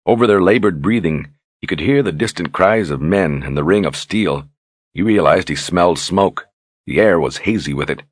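Deep-voiced man narrating a fantasy audiobook. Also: normal speed, no room sound.

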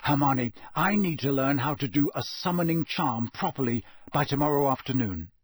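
A man voicing an anxious, hot-tempered teenage boy wizard in an audiobook reading, his voice pushed high and sharp. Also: expressive, normal speed, slightly rough, no room sound, clean studio sound. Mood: tense. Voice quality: sharp, raised voice.

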